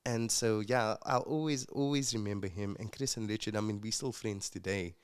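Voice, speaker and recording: A man from Africa, a podcast guest telling his story in a casual, reflective way, pausing with fillers and restarts. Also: on the low side, smooth. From South Africa.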